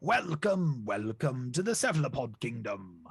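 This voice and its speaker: A sly, scheming crocodile, as a man puts him on for a tabletop game, sliding between posh airs and pirate bluster. The voice swoops up and down with plenty of life, and it has a husky edge. He rambles, trails off and restarts as he talks. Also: medium pitch, big pitch swings, measured pace, no room sound, heavily acted. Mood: grandly welcoming.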